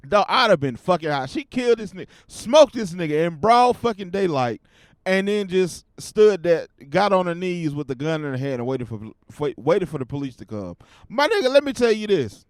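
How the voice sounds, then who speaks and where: A man hosting his own podcast, giving casual commentary in a profane, animated rant. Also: high voice, normal speed, dry recording. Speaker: podcast host.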